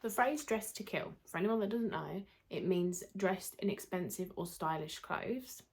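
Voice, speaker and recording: A young British woman chats casually on her YouTube vlog, rambling, laughing lightly, and poking fun at herself, a bit hoarse as her voice starts to go. She has a lowish voice with lively intonation and a moderate pace, recorded on a camera mic under a ring light.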